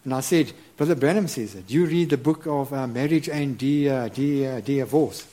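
Male preacher, middle-aged, stammers and restarts, earnest, mellow warm voice, mid pitch. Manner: halting, many repeated words and restarts; earnest and reverent. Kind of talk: sermon.

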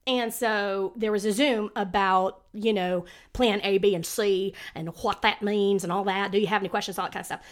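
A woman, casually chatting as a podcast co-host and telling animated stories. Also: mid-range voice. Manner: chatty storyteller, animated, quick to act out quotes. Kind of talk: casual chat.

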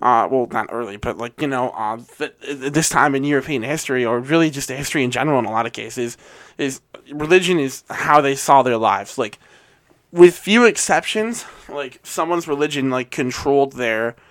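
A man's voice: medium pitch, normal speed, a bit bright, dry recording. A young man co-hosting a podcast, explaining at length with many fillers and wry remarks. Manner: rambling, hedging with fillers, wry. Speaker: podcast co-host. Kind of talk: casual podcast banter.

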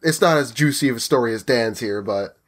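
A man's voice: medium pitch, a little fast. A man telling a story in casual chat, acting out the people he talks about. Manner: animated, acts out the people in his story.

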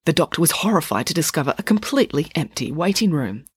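A woman narrating a children's storybook in a wry, expressive way. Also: low-pitched, fast talker, slightly rough, no echo, studio quality. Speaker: audiobook narrator.

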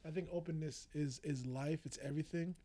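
Fast-talking, higher-voiced male musician. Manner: animated, keeps saying "you know what I mean". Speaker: musician guest. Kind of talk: casual interview chat.

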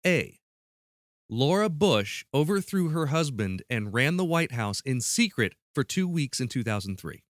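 A man's voice: medium pitch, fairly bright tone, no echo, studio quality. A man hosting a podcast, playfully running a quiz with joking stakes and laughing often. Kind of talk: casual podcast chat.

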